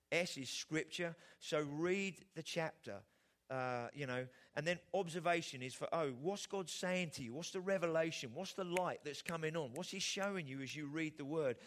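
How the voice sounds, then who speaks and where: Preaching in a conversational style, a middle-aged male pastor frequently poses rhetorical questions to those listening. His voice sits on the high side and sounds a bit bright.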